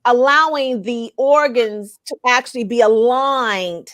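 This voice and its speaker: A woman with a Southern US accent explaining a topic in a halting way, with many fillers and restarts. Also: on the high side, fairly bright tone. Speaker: guest presenter. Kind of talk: casual explanatory talk.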